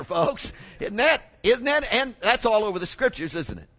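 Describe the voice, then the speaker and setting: A man preaching a sermon in an animated way, often exclaiming and asking the congregation questions. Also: high-pitched, normal speed, hardly any pauses, lo-fi sound.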